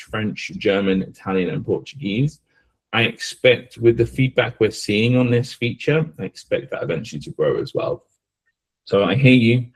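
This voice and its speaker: A man presenting a live online webinar, enthusiastic, with quick asides. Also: fairly low pitch, husky.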